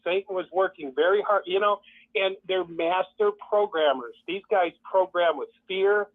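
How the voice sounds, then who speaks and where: A man's voice: high voice, moderate pace. A man calling in to a show, talking with fervent, repetitive conviction and mocking the voices he quotes. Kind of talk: impassioned call-in commentary. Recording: tinny phone line.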